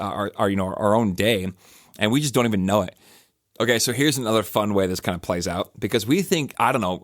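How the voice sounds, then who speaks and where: A middle-aged man, a pastor musing in a casual, animated podcast talk full of fillers and restarts. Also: on the low side, no room sound, clean studio sound.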